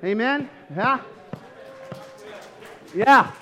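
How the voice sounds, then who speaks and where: High-voiced man preaching emphatically. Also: drawn-out words. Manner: emphatic, rising to shouts, asks the congregation questions. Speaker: pastor. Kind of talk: sermon.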